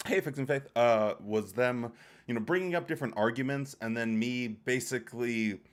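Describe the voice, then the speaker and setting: A man's voice: medium pitch, moderate pace. Casual male livestreamer greeting chat. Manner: greets chat viewers by name, rambling and jokey. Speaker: livestream host.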